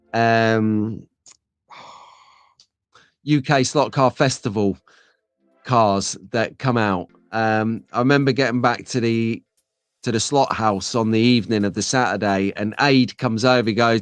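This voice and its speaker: The host of a live stream show, a middle-aged man, rambles casually and voices the chat comments he's reading. The recording has no room sound, and his mid-range voice is clean and measured.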